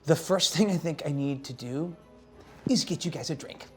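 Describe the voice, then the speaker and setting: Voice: mid-range voice, normal speed, darkish tone, soft background music, natural voice. A game master voicing a flustered young woman event manager who rambles, apologizes and talks in casual slang.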